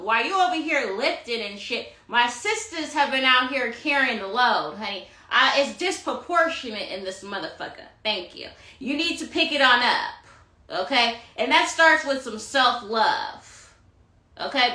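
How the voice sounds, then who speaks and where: A woman's voice: on the high side, expressive, unhurried, bright, forceful tone, roomy sound. A woman giving a tarot reading on a phone live stream, sassy and profane, preaching self-love and calling her listeners honey. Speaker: tarot reader. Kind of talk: Instagram live astrology rant.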